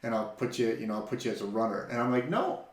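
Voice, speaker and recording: Gravelly guy telling a story, really into it, lots of restarts, roomy echo. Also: on the low side, rapid-fire. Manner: animated storytelling, repeats words when starting a thought. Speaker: podcast co-host. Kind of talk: casual faith-based conversation. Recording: echoey room.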